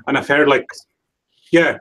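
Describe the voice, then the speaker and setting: A man's voice: mid-range voice, steady tone, measured pace, a bit bright, poor audio. A man in casual podcast chat, rambling and hesitant with frequent restarts. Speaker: podcast co-host.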